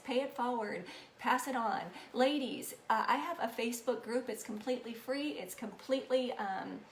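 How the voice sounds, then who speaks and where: A woman hosting a self-help video, talking to the camera in an earnest, encouraging and somewhat preachy way. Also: a little high. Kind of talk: casual talk to camera. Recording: echoey room with faint noise.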